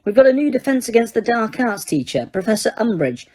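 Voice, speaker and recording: A woman's voice: on the high side, very animated, fairly quick, a little mellow, voice pushed up. A woman reading as an earnest teenage boy wizard. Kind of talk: audiobook character reading.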